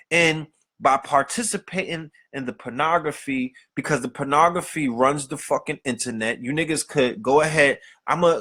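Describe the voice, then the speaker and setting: Husky profane man ranting. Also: a little high, fairly bright tone. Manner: profane, streetwise, rants with rhetorical questions. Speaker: podcast host. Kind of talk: unscripted monologue.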